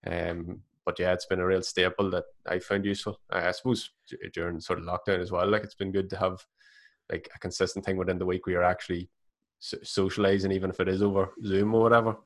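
A man speaking as a coach who is a guest on a casual podcast, talking in a measured, reflective way with many filler "like"s. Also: deep voice, level tone.

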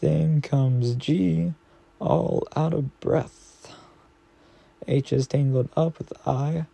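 A man talking softly and affectionately to a partner and reading a children's storybook aloud at bedtime. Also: on the high side, steady tone, gravelly, slightly rough. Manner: gentle, affectionate, slow reading.

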